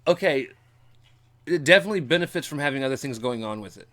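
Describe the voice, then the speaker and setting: A man hosting a casual podcast, speaking at an ordinary pitch. He walks through plot points in a relaxed, unhurried way, with plenty of filler words between his thoughts. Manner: relaxed, detailed retelling with fillers. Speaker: podcast host. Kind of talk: casual chat, recapping episodes.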